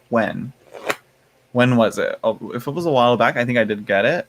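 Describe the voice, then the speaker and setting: A man's voice: mid-range voice, animated, fast. A man hosting a casual live stream, chatting with viewers, laughing often and reading the chat aloud. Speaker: tarot livestream host.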